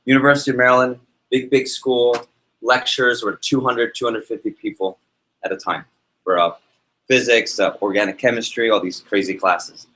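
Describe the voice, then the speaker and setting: Speaking at a moderate pace in a mid-range voice, a man leads a live motivational sales workshop for an audience in a meeting room. He is energetic, tells stories, and asks the audience questions, all in a low-quality recording.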